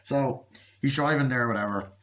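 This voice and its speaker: A man's voice: mid-range voice, normal speed, a bit bright. A man giving a casual, profane movie review, sarcastic and acting out scenes in mocking voices.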